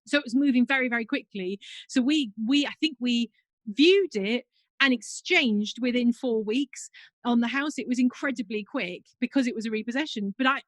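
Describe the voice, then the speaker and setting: High-voiced woman host, dry close sound. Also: normal speed, dry recording. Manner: chatty storyteller, laughs often, acts out quotes. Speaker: podcast host. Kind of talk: casual interview chat.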